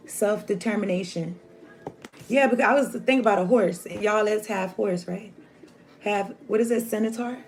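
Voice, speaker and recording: Gravelly-voiced woman doing a chatty tarot reading. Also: mid-range voice, darkish tone. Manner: chatty, loose and rambling, slangy. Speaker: tarot reader. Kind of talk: casual tarot reading to viewers. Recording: noisy home recording.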